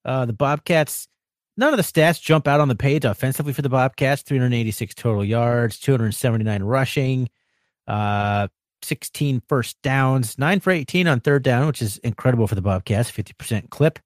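A man's voice: mid-range voice, moderate pace, no echo, studio quality. A man hosting a sports podcast, recapping a football game in a chatty way, rattling off stats with fillers.

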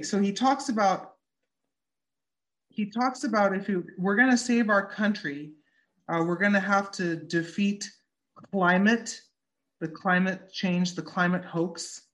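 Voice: medium pitch, a bit bright. A podcast host in casual political talk, blunt and swearing freely, working through a speech line by line.

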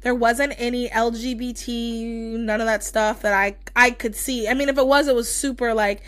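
A woman's voice: a little high, steady tone, moderate pace, fairly bright tone. A young woman co-hosting a podcast, gushing in casual chat with lots of fillers. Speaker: podcast co-host.

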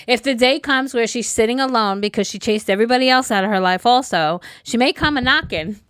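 A woman's voice: a little fast, smooth, no echo, clean studio sound. Emphatic woman giving blunt podcast advice. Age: adult, a mother. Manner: emphatic, drops low and quiet to drive points home. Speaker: podcast co-host. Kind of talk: casual advice chat.

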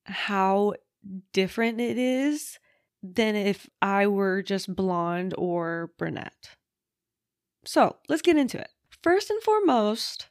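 A woman's voice: medium pitch, gravelly, dry recording, clean studio sound. A woman hosting her own podcast, talking casually and candidly, with the odd swear word, from bed at home. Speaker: podcast host. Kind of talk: casual solo podcast chat.

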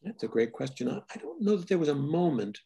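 An older man, a filmmaker, giving thoughtful, halting interview answers full of restarts. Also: on the high side, very animated, vocal fry, mellow, a little hiss or hum. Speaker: filmmaker guest.

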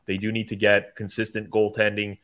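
A man hosting a sports betting show, giving measured, stat-heavy analysis with stammered starts. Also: on the low side, completely flat delivery, fairly bright tone.

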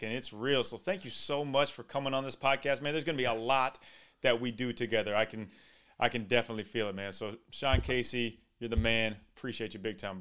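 A man's voice: medium pitch, pushed and bright. A man hosting a podcast, enthusiastic and full of hype, calling his guest dude and brother. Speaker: podcast host. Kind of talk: casual interview.

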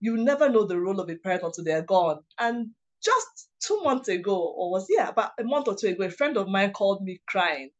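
A woman's voice: mid-range voice, expressive, fairly quick, muffled recording. Earnest woman sharing heartfelt memories. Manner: heartfelt, earnest, full of "you know" fillers and restarts. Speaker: lawyer, policy worker and writing coach. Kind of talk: reflective personal storytelling.

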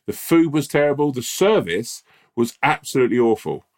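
A man co-hosting a podcast, telling stories in an animated, emphatic, sweary way in casual chat. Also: medium pitch, moderate pace. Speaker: podcast co-host.

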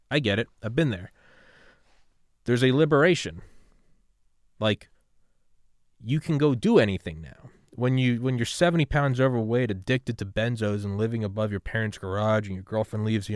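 A man's voice: fairly low pitch, normal speed, no room sound, clean studio sound. Profane, rambling male podcast host. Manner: rambling, profane, swings from subdued to loud and fired-up. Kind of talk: casual podcast conversation. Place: home room with gaming setup.

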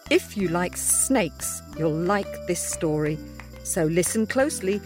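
Female host for a kids' story program, friendly scripted read, music behind. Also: fairly low pitch. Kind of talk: scripted show introduction.

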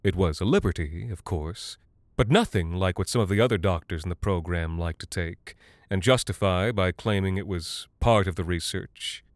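Low-voiced man narrating a dark tale. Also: moderate pace, no room sound, studio quality. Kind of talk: scripted literary narration.

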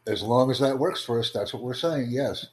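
A man with a mid-range voice talks in an even, smooth, promotional way as he runs a live-streamed chat. He stays calm and unbothered, almost salesman-like. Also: mid-range voice, moderate pace, poor audio.

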